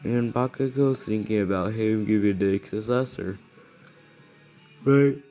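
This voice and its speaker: A man's voice: on the low side, unhurried, mellow, faint music behind. A tired young man improvising a fan story, rambling and hedging with lots of fillers. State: tired, yawning.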